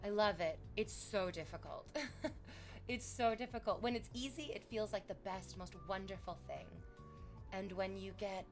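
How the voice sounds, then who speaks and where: A young woman chatting casually on a live stream, excitable and swearing freely. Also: medium pitch, moderate pace, soft background music. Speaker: livestreamer.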